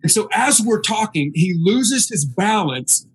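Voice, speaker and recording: A man's voice: sits high, measured pace, crowd noise. A man telling a funny story in a casual chat, acting out the voices of others and laughing as he goes. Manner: animated, acts out the voices of others.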